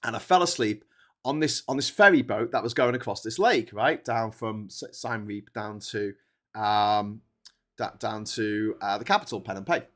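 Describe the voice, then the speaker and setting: A man's voice: on the low side, normal speed, fairly bright tone. A man hosting a livestream, telling a rambling travel story in a chatty way. He often breaks off mid-sentence and laughs at his own story. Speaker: livestream host.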